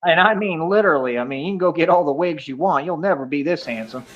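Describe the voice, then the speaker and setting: Man, high voice, casual rambling stream chat, joking, frequent laughs. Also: fast talker, muffled recording, noisy background. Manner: laughs often, fills with "like"; joking, boastful.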